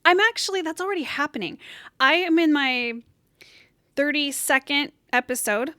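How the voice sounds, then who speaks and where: A woman's voice: high-pitched, moderate pace, bright, forceful tone, no room sound, studio quality. A woman hosting a solo motivational podcast from her bedroom, talking in an earnest, encouraging, emphatic way. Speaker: podcast host. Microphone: camera set up in room.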